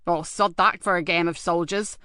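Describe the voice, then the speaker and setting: A woman reading an audiobook, voicing a gruff, loyal male police superintendent in a blunt, dry, fatherly manner. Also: fairly low pitch, steady tone, moderate pace, sharp tone, dry recording. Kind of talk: audiobook character voice.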